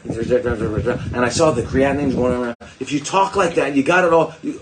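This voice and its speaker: A man's voice: mid-range voice, unhurried, noisy background. An older man, a doctor hosting a live stream, talking in a digressive, sarcastic way with mocking asides to his viewers. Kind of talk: rambling live-stream talk.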